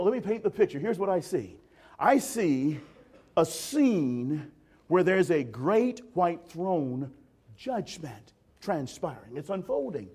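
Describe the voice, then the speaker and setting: A man's voice: sits high, darkish tone, husky. A man preaching a sermon in an emphatic, dramatic way, addressing the congregation directly.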